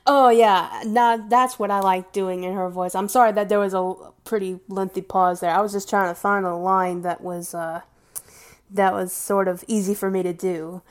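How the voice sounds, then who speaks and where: A woman's voice: mid-range voice, fairly even intonation, moderate pace. A woman talking in a casual, rambling monologue, gushing and sometimes dropping to a whisper.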